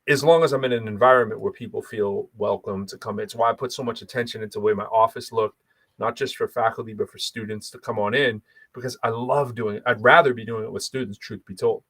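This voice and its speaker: A man from Boston with a light Boston accent, co-hosting a podcast in casual chat, telling rambling, animated stories full of restarts. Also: fairly low pitch, a little fast, husky, no room sound. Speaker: podcast co-host.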